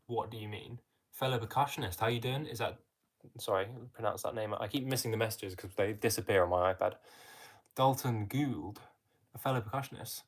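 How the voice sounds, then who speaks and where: Young English guy chatting on a livestream. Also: on the low side. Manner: chatty, reads viewer comments aloud, friendly filler "mate". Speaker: livestream host answering chat. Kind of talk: casual live-stream chat.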